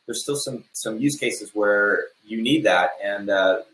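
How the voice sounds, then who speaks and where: Man, low voice, halting tech-talk speaker, echoey room. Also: a bit bright. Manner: halting, many fillers and restarts. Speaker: conference speaker. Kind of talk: technical talk, loosely spoken.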